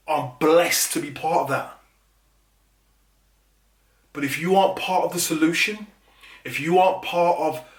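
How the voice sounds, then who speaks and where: A man's voice: on the high side, far from the mic. A man, a teacher and middle leader from England, speaking in an earnest, emphatic monologue that builds into anger. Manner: earnest, rising to emphatic and angry. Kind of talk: impassioned monologue to camera. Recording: echoey room, away from mic.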